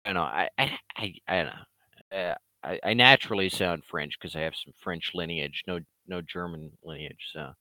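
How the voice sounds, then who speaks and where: A man's voice: low-pitched, bright, forceful tone. A man in a casual, rambling monologue, swearing freely and mocking the people he talks about as he addresses his fans. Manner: profane, rambling, quick to mock. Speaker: comic creator addressing his online fans.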